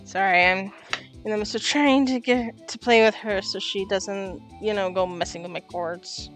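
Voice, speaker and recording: A woman's voice: medium pitch, fairly even intonation, normal speed, fairly bright tone, faint music behind. A young woman streaming a game, playful and chatty, talking to her cat between lines. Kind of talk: casual game stream chat.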